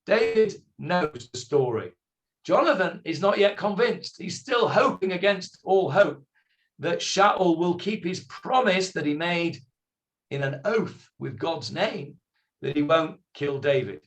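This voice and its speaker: Man, Bible class teacher, unhurried, somewhat high-pitched, questions the class. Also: lively intonation. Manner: explains slowly, quotes figures in character, asks students questions. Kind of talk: text study class.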